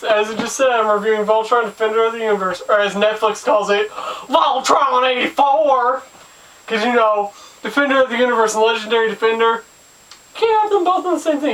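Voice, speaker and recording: A man's voice: high-pitched, fairly bright tone, distant mic, rough recording. A man hosting a casual video review of an old cartoon, chatty and full of jokey asides. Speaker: show host and reviewer.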